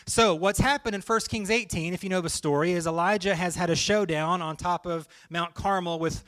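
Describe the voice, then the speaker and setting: A man's voice: high voice, brisk, a bit bright. A male pastor preaching a sermon in a conversational way, full of joking stories. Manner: conversational, jokey storytelling.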